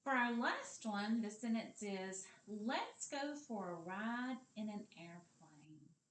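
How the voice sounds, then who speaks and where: A woman's voice: medium pitch, big pitch swings, slow pace, a bit bright. A woman teaching a kindergarten literacy lesson, coaxing children along in an encouraging sing-song voice and dropping to a whisper for parts of words. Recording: echoey room.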